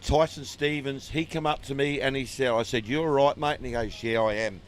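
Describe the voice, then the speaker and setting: A man's voice: medium pitch, fairly even intonation, a little fast, a little hiss or hum. A man chatting and telling stories as co-commentator at a kart race, rambling with fillers. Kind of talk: casual trackside storytelling. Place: outdoors at a dirt kart track.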